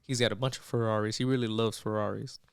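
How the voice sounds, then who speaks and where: A man's voice: lowish voice, flat delivery, fast talker, gravelly, clear, resonant tone, dry recording. A young man co-hosting a podcast, casually retelling a movie plot and quoting the characters with "he's like" and "she's like". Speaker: podcast co-host. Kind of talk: casual storytelling chat.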